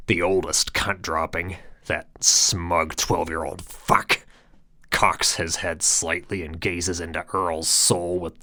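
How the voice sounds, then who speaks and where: Man narrator, very low, bright tone, crude and sardonic. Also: dry recording, studio quality. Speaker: audiobook narrator. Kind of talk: scripted narration.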